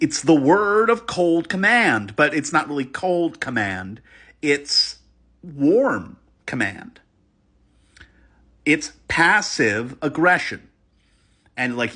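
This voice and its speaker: A man giving a response commentary, animated and emphatic, critical and earnest, sometimes restarting his words. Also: fairly high pitch, measured pace, slightly rough. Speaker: video commentator.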